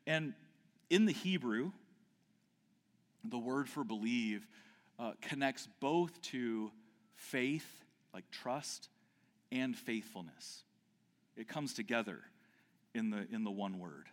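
A man's voice: medium pitch, fairly bright tone. A man preaching an expository sermon, emphatic, with rhetorical questions and frequent restarts. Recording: long hall reverb.

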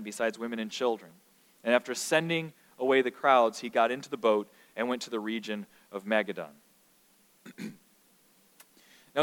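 A man's voice: a little high, fairly bright tone, in a large hall. A man preaching a sermon as pastor, earnest, and stumbling over repeated words when he builds emphasis.

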